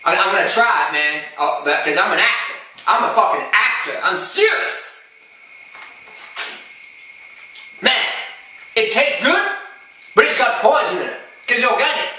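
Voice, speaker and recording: A man's voice: high voice, big pitch swings, moderate pace, bright, forceful tone, slight background noise, exaggerated voice. A man putting on a parody impression of a crude male Hollywood actor who rambles profanely about craving drugs. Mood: ranting. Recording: echoey room, far from the mic.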